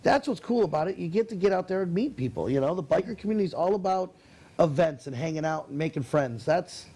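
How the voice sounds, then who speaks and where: A man hosting a casual talk show with a high, gravelly voice. He talks quickly and keeps the chat lively and conversational. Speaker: host.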